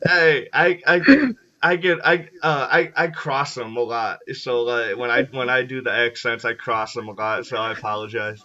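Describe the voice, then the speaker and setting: Upbeat young American host, laughs a lot, stumbles and swears casually; bright tone. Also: male voice, mid-range voice, steady tone, normal speed. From United States. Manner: laughs often, restarts sentences, casual swearing. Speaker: podcast host. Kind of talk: casual chat. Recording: dull lo-fi audio.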